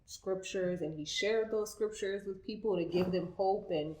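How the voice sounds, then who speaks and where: A woman's voice: medium pitch, moderate pace, darkish tone. A woman on a podcast who tells a personal story emotionally, with lots of "like" fillers. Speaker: guest co-host. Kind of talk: casual podcast chat. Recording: echoey room.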